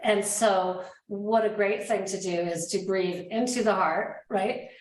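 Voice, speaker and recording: A woman's voice: mid-range voice, steady tone, measured pace. A woman hosting an interview, thoughtful and searching for her words as she talks. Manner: thoughtful, rambling with restarts. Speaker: podcast host. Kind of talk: conversational interview. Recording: roomy echo.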